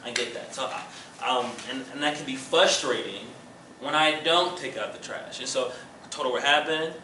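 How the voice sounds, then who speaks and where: The recording, made with a distant and echoey room mic in a church room, catches a man with a mid-range voice at a moderate pace, with slight background noise. Teaching a relationship class, he livens things up by acting out examples with jokes and laughter.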